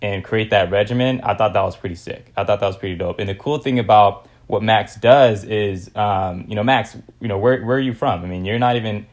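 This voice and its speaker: A man's voice: fairly low pitch, brisk, few pauses. A young man from California hosting a casual podcast interview, laid-back and slangy with lots of fillers. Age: young adult. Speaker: podcast host.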